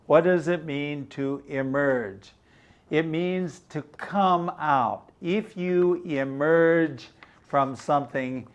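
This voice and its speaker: An older man teaching English through a story, explaining words slowly and glossing them in Mandarin. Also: medium pitch, muffled recording.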